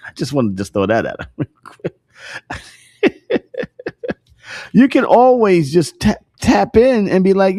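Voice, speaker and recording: A man's voice: high voice, sing-song, a little slow, pauses often, darkish tone. Joking guy hosting a morning stream, cusses, laughs a lot, voice all over the place. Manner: joking, laughs often, profane slang. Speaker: host. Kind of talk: casual livestream chat.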